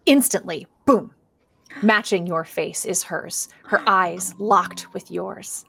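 A woman narrating as game master of a tabletop game, dropping into hushed whispers for eerie scenes. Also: lowish voice, takes it slowly, creaky, a little hiss or hum.

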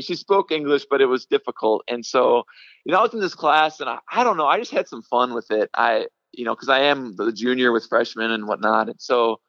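A young man recounts his past in a casual interview. He talks haltingly, full of "um"s and restarts, and laughs now and then. The audio is dry and a little muffled. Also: medium pitch, fairly bright tone, dry recording. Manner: halting, many fillers and restarts, laughs often. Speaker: middle school ministry director, guest.

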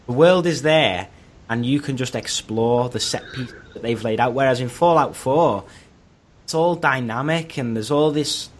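A man talks casually about games with a friend. He rambles through his stories with plenty of "like" and restarts. His pitch sits right in the middle. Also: moderate pace. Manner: rambling, filler-heavy storytelling. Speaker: podcast co-host. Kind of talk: casual gaming chat.

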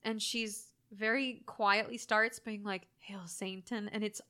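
A woman's voice: on the high side, a little slow. A woman co-hosting a podcast, chatting casually about a horror movie and acting out scenes. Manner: animated, acts out scenes with voices. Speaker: podcast co-host.

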